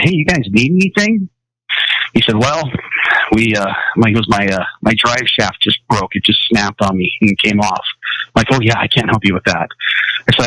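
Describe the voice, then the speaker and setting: A man's voice: lowish voice, sharp tone, no echo, rough recording. A man hosting a talk show, telling a long, rambling road-trip story and acting out the dialogue. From Kansas. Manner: rambling anecdote with acted-out dialogue. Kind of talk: casual storytelling.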